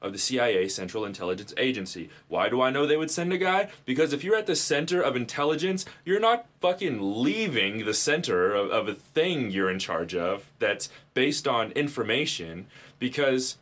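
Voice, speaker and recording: A man co-hosting a podcast, telling stories in casual chat with lots of profanity and animated turns. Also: medium pitch, normal speed. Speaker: podcast co-host.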